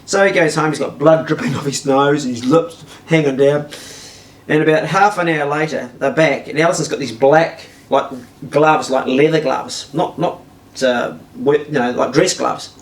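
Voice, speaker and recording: A middle-aged man telling a casual, animated anecdote, swearing freely and acting out voices. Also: on the high side, moderate pace. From New Zealand. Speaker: storyteller. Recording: roomy, distant mic.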